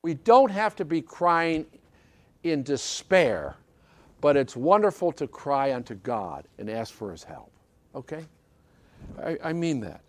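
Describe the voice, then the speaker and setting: An emphatic male preacher whose pitch swings widely as he leans on repeated phrases and keeps checking in with his listeners. His voice sits a touch high for a man. The recording is dry and close, with no room echo. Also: very animated, unhurried. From British Isles. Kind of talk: sermon.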